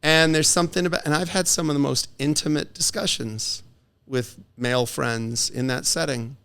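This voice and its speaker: A man's voice: on the high side, moderate pace, creaky, smooth. A middle-aged man, a divorce attorney, chatting as a podcast guest and telling stories animatedly while acting out the voices of people he quotes. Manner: animated storyteller who acts out quoted voices. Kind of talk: casual conversation.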